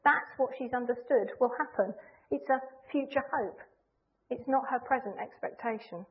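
A woman delivers a sermon in a fairly high voice. She speaks in an earnest, measured way and presses hard on the key phrases. The sound comes through thin and tinny, like a phone line. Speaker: preacher.

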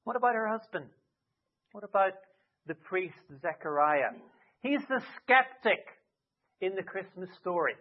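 A man preaching a sermon expressively, with dramatic rises and soft drops. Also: sits high, expressive, measured pace, pauses often. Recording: tinny phone-like sound.

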